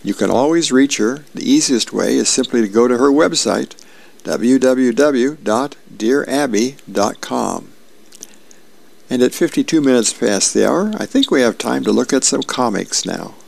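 A man's voice: lively intonation, normal speed, a little mellow. A male radio host casually reading comic strips aloud, acting out the characters' lines. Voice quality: gravelly. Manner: acts out character lines with raised pitch.

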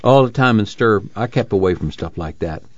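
A man's voice: on the low side, expressive, fairly quick, no echo, muffled recording. A man voicing a shy, guarded young man back from prison who talks tersely in plain rural dialect.

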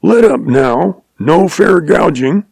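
A quick-witted young cowboy spinning a tall tale with folksy ease, voiced by a male narrator. The voice is warm and mellow. It sounds close and dry, like a storybook reading. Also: mid-range voice, expressive, no room sound. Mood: hollering. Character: young cowboy, sly and smooth-talking.

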